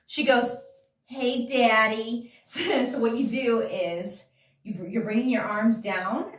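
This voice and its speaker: A woman's voice: mid-range voice, far from the mic. A woman teaching a casual dance class, counting beats aloud and explaining moves in a chatty, giggly way. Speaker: dance instructor. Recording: echoey room, voice from off-mic.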